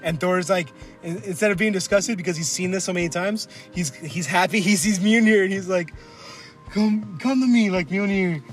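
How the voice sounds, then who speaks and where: A man's voice: sits high, brisk, hardly any pauses, soft background music. A man hosting a casual podcast, reviewing a movie, swearing and acting out lines. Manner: excitable, swears a lot, acts out lines. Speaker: podcast host. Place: collectibles shop.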